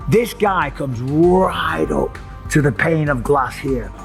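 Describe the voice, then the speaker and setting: Middle-aged host, vivid storyteller, slightly high voice, acts out the scary parts. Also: male voice, takes it slowly, gravelly, soft background music. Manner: animated, acts out his own screams and voices. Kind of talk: dramatic personal storytelling.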